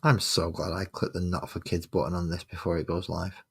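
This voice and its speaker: Guy, low and husky, chatting casually to his stream while painting, with dry sarcastic mutters. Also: level tone, brisk. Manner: mutters sarcastic asides to himself.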